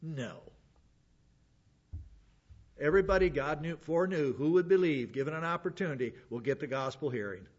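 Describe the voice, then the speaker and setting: A man's voice: a little high, normal speed, pauses often, breathy edge, highs cut off. A man preaching a sermon in a conversational way, with chuckling asides and frequent fillers. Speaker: pastor.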